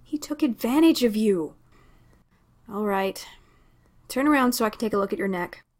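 A woman reading an audiobook voices a gentle, worried male doctor with a soft, concerned manner. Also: medium pitch, animated, normal speed, voice pushed up, close to an everyday voice. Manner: soft, concerned, sometimes swearing.

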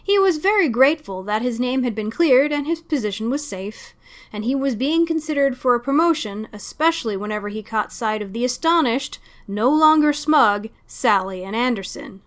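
Woman reading a story aloud, fairly high voice. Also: lively intonation, moderate pace. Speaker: reader. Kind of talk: audiobook fan fiction reading.

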